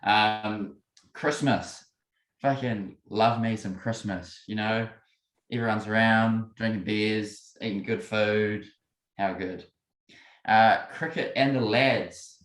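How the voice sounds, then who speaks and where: A man's voice: on the low side, fairly even intonation, slow, a bit bright. Cheeky young New Zealand man, roomy sound. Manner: laughing, cheeky, self-deprecating. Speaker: podcast co-host. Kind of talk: casual chat.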